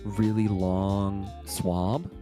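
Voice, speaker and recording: A man's voice: lowish voice, flat delivery, drawn-out words, dark tone, faint music behind. A man guest chatting casually, telling stories in a rambling way with many laughs. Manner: rambling storytelling with frequent laughs and fillers. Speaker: guest co-host. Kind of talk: casual chat.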